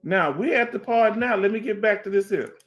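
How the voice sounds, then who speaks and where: A man's voice: high voice, brisk, soft background music. Streetwise Houston man hosting a stream. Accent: Houston Black American English. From Houston, Texas. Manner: streetwise, emphatic, repeats himself, asks "you understand?". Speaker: veteran livestream host. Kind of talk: casual livestream chat reading comments. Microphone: headset.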